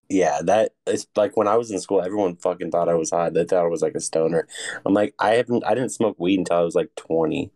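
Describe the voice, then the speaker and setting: A man's voice: low-pitched, moderate pace, mellow. A young man co-hosting a podcast, laid-back and laughing a lot as he chats. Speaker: podcast co-host. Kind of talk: casual chat.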